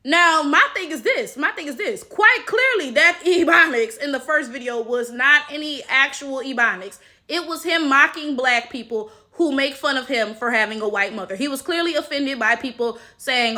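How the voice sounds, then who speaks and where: Female commentary host, high bright voice, sarcastic and emphatic. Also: lively intonation, moderate pace, few pauses. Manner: emphatic and sarcastic, constant tag questions. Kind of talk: reaction commentary.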